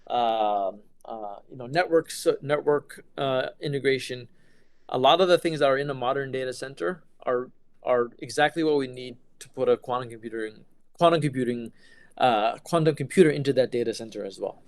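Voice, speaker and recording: A man's voice: mid-range voice, normal speed, clean tone, dry recording. A middle-aged man answering interview questions about his engineering work in a casual, hesitant way with many fillers and restarts. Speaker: quantum computing engineer.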